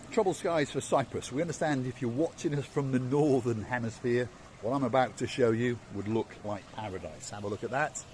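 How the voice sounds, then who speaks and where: A man's voice: medium pitch, darkish tone, slight background noise. A man hosting a vlog, giving a playful, theatrical guided tour of a hotel. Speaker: vlog host. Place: outdoors and indoors at a hotel.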